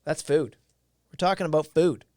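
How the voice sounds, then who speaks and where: A man's voice: fairly high pitch, moderate pace, darkish tone, dry recording. A man hosting a casual livestream, telling a story in a loose, rambling way with lots of fillers and restarts. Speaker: live stream host.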